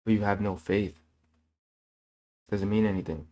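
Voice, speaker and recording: With a fairly low, steady, slightly mellow voice, a man speaks in an unhurried way. He's a channel host sharing his faith earnestly and casually, getting repetitive and preachy while correcting his slips and throwing in fillers like "man."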